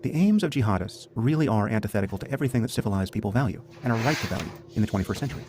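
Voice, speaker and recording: A man making a measured, argumentative case in a recorded speech clip. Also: lowish voice, lively intonation, darkish tone. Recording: noisy played-back clip.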